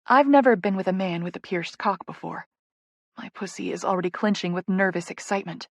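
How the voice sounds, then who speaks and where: A woman's voice: on the low side, a little fast, creaky, no echo. A woman narrating a first-person romance audiobook in an intimate, playful way, on a close studio mic.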